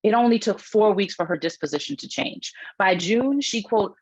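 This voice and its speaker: A woman's voice: animated, normal speed, few pauses, darkish tone, slightly rough, no echo, dull audio. A middle-aged woman, an author giving a public book talk, reads passages from her book aloud and breaks off for asides, with frequent fillers and restarts. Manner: raises her pitch when reading quoted passages, frequent fillers and restarts.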